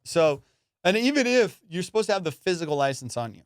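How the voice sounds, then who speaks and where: A man with a high, smooth voice spins a profane, comic story, slipping into the voices of the people he describes. The sound is dry and close, with no room around it. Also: fairly quick, dry recording. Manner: profane, animated, acts out voices in his stories. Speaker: podcast host. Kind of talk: casual comedic storytelling.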